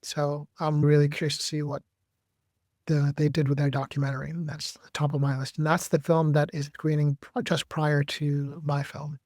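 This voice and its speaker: A man, an actor and director, telling stories in a measured, reflective way as a podcast guest. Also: fairly high pitch, level tone, darkish tone, dry recording, clean studio sound. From United States. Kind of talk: podcast interview.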